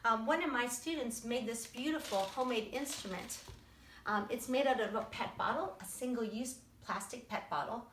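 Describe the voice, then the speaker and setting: A woman's voice: a little high, normal speed, a bit bright, slight background noise. Cheerful sing-song woman teacher. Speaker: children's music teacher. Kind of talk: live-streamed lesson with chants. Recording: roomy echo.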